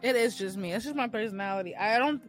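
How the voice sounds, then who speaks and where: A woman's voice: fairly high pitch, quick pace, faint music behind. A woman co-hosting a casual chat podcast, telling stories bluntly and candidly with slang. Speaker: podcast co-host.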